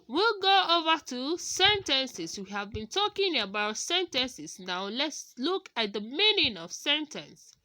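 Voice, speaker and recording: A woman from Nigeria giving an online English lesson, in a slow, lively teacherly delivery. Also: high voice, no echo.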